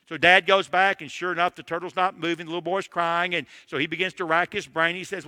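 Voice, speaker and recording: A man's voice: sits high, flat delivery, fast, few pauses, sharp tone, no echo, long reverb tail. A man in his sixties preaching a sermon, emphatic and direct, laying out numbered points.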